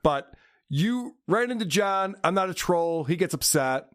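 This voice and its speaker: Animated, higher-voiced male podcast host. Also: clear, resonant tone, dry recording, clean studio sound. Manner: animated, quick to laugh, prodding questions. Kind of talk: casual podcast chat.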